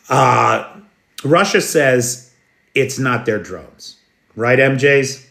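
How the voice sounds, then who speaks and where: American man, live news commentator, slow deliberate pace, sarcastic, mid-pitched. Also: animated, vocal fry, fairly bright tone. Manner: blunt, sarcastic, occasionally swearing; talks to live chat viewers. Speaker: livestream news host.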